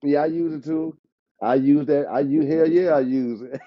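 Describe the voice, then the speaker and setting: A man, an insurance agent chatting casually as a podcast guest, lively and quick to laugh. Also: a little high, dry recording. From Alabama, US. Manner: animated, talkative, laughs often. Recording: dull, dry lo-fi sound.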